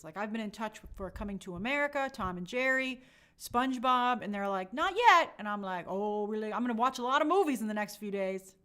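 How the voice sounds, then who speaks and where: A young woman hosting a casual live stream, reading viewer comments aloud and chatting in an animated way with many fillers. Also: medium pitch. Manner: chatty, animated, lots of fillers and quoted asides.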